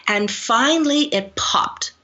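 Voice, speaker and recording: Lively older woman telling a story. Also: a little high, slow pace, dull audio. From Guam. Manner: animated storyteller acting out quoted voices. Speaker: psychologist guest. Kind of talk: storytelling in a podcast interview.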